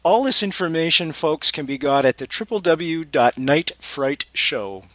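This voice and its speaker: A man's voice: fairly high pitch, expressive, a little slow, a bit bright, no echo. A man hosting a radio talk show, interviewing a guest in a conversational way. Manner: conversational, plugs the website.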